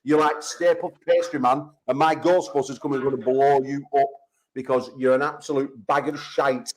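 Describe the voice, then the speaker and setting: Brash, swearing English host. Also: male voice, medium pitch, fairly even intonation, normal speed, poor audio. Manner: profane, brash trash talk. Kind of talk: rowdy call-in chat show banter.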